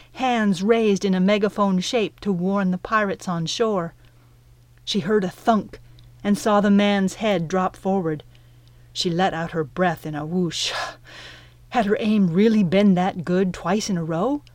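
A woman narrates an audiobook at a measured, steady pace. The recording is close and completely dry, with no room sound around her voice. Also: medium pitch, no echo.

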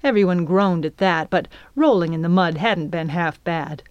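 A woman reads a storybook aloud in a measured, even manner. Her voice sits on the low side, and the recording is dry and close with no room sound. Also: clean tone, no room sound, dull audio. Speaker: audiobook narrator. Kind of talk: scripted narration.

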